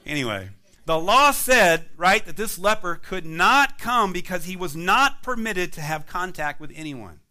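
A man's voice: high voice, very animated, measured pace, pushed and bright. A man preaching a sermon as pastor, building emphatic repeated phrases and sometimes laughing lightly at himself. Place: church sanctuary.

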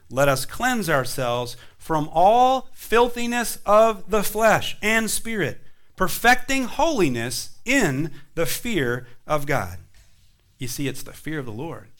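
A man delivering a church sermon in a high-pitched voice with a bright, forceful edge. He preaches with emphatic rises on key words and falls back to quiet, low endings. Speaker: pastor.

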